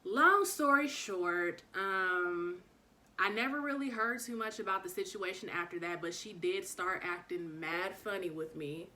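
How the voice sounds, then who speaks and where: A young woman telling a storytime vlog, frank and swearing freely, acting out every bit of dialogue with big jumps in pitch. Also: moderate pace, few pauses. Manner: animated retelling, acts out dialogue with pitch jumps.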